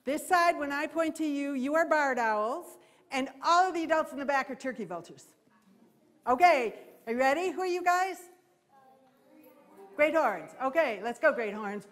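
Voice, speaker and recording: A woman giving a live talk about birds of prey to a library audience, lively and playful, speaking into a handheld mic. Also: sits high, normal speed. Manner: lively, imitates owl hoots. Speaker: wildlife educator. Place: library program room.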